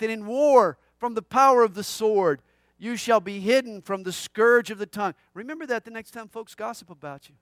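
A middle-aged man delivers a sermon in a notably high voice. The sound is dry and close, with no room around it. He swings between loud declaration and hushed, intimate asides. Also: no echo. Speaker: pastor.

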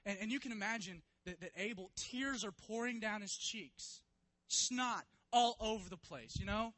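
A man preaching a sermon, retelling a story vividly and swinging from hushed to loud, emphatic passages. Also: high voice, moderate pace, no echo, poor audio. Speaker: pastor.

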